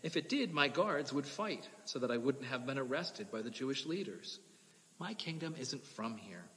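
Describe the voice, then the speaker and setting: A man reading the measured replies of a calm, dignified accused teacher, with his voice echoing through a church hall. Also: mid-range voice. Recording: long reverb of a church hall.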